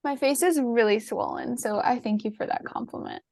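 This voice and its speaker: A young woman chats with bubbly, self-mocking energy on a casual podcast. Her voice runs a little high with a gravelly fry and sounds close and dry. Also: wildly swooping pitch, normal speed, a little mellow, no echo. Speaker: podcast co-host. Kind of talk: casual chat. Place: room by a window, video call.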